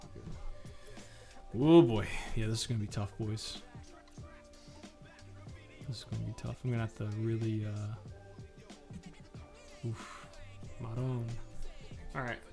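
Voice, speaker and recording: A man's voice: fairly low pitch, fairly even intonation, measured pace, gravelly, long pauses, over music. Rambling, profane young-sounding man streaming casually. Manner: rambling and profane, lots of fillers. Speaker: comic artist streaming while drawing. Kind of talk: casual live-stream chat.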